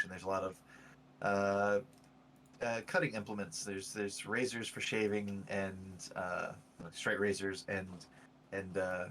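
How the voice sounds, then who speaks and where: A man's voice: low-pitched, a bit bright. A man running a tabletop game as game master, talking with many fillers and restarts. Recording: faint background noise.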